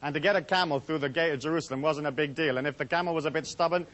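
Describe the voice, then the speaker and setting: A man's voice: on the high side, very fast, fairly bright tone. A man giving a casual lecture to a live audience, rambling and chatty with many asides. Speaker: seminar speaker.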